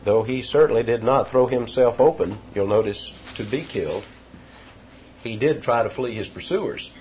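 A man's voice: medium pitch, normal speed, darkish tone, dull audio, slight background noise. A man preaching an expository sermon, teaching verse by verse with emphatic repetitions.

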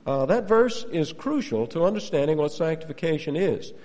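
A man preaching an expository sermon in a church, his mellow, slightly raised voice ringing with the long reverb of a large hall. He is emphatic, repeats his key phrases and lets out the odd chuckle. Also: on the high side, lively intonation, normal speed.

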